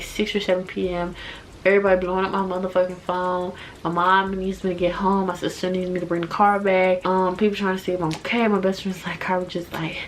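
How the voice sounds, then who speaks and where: A woman in her twenties from the Washington DC area, telling a story to camera in a casual, animated, profane way. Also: medium pitch, slight background noise. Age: 20s. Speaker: vlogger. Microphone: compact camera mic.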